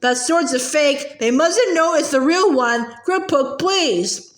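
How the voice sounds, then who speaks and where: A woman's voice: sits high, lively intonation, slow, echoey room. A woman reading aloud and voicing a frightened, desperate teenage boy who pleads urgently for help. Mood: pleading whisper.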